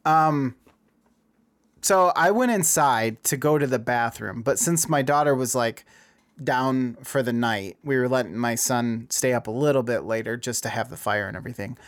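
A man's voice: mid-range voice, moderate pace, no echo. Casual storytelling man. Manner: animated, acts out dialogue in a raised voice.

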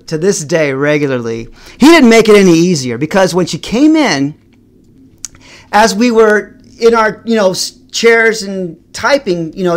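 A middle-aged man vlogging, telling a personal story to camera in an animated way, slowing down for emphasis and often restarting and repeating words. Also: high-pitched.

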